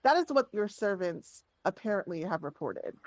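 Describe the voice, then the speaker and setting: A woman's voice: medium pitch, very animated, normal speed, lightly acted. Woman doing a stern guard captain, officious and curt, tabletop game NPC.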